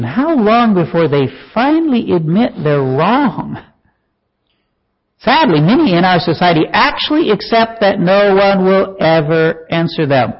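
Male preacher, sermon delivery, lively swooping pitch, wry chuckling asides, muffled lo-fi sound. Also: a little slow. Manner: animated, mocking asides with chuckles.

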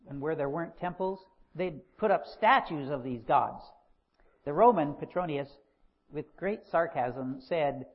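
Male pastor, casual podcast teacher, folksy and laughing, husky tone, muffled recording. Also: fairly high pitch. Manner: chatty, laughs often, folksy asides. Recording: dull lo-fi recording.

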